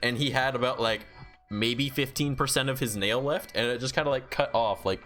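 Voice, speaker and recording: A man's voice: mid-range voice, a little fast, fairly bright tone, faint music behind. A man streaming and chatting casually, telling a story full of swearing and "like" fillers. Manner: swears freely, lots of "like" fillers.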